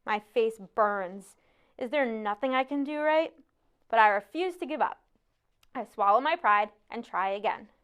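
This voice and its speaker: A woman reading a novel aloud in a measured first-person narration. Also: a little high, animated, fairly bright tone, smooth. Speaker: audiobook narrator. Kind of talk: scripted narration.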